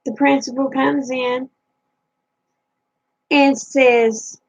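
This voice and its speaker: A woman's voice: sits high, little pitch movement, extremely slow, rough recording. A woman vlogger telling funny stories from her childhood in a folksy, chatty way. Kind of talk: casual storytelling.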